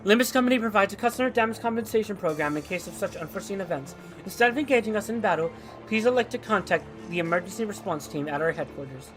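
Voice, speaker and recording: A man voicing a calm, collected young woman who explains things precisely and quietly. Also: high voice, fast talker, faint music behind.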